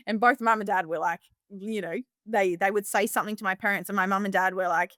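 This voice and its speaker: A woman's voice: mid-range voice, steady tone, fast talker, a bit bright, no echo, studio quality. Blunt, swearing young Australian woman. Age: 20s. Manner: blunt, swears freely, acts out others' voices. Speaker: guest farmer. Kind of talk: casual podcast chat.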